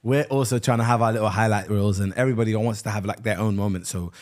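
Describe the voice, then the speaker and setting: A man's voice: on the low side, fairly even intonation, fast talker, darkish tone. A young man, co-hosting a podcast with easygoing, slangy banter. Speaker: podcast co-host. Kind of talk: casual chat.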